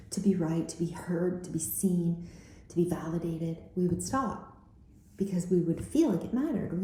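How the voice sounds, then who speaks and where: A woman healing coach giving an earnest self-help talk, repeating her points and often dropping to a breathy near-whisper. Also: sits low, warm tone, slight background noise. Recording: very echoey room.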